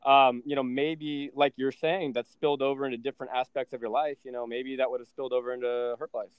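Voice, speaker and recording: A man hosting a casual podcast, telling stories in an animated, profane way. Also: medium pitch, fast talker, clear, resonant tone, no room sound. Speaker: podcast host and trading coach.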